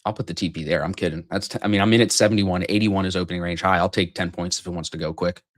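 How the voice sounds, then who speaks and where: Male co-host, lower voice, loose and crude, teasing banter over live trades. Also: fairly even intonation, rapid-fire. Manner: rambling, joking, crude, teases others.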